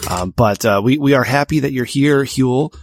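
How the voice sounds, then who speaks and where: A man hosting a casual comedy podcast, excitable and profane, joking with his co-host. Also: mid-range voice, moderate pace, a little hiss or hum.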